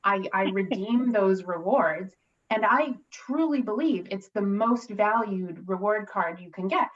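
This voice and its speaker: A woman telling a comic story at an improv show in a brisk, earnest way. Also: medium pitch, recorded from a distance, highs cut off. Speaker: improv performer. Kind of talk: storytelling monologue.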